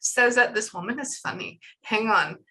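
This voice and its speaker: Bright, animated woman medium. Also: on the high side, normal speed, poor audio. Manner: animated, breathless storytelling with many quotes. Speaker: psychic medium. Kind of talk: reading for a client.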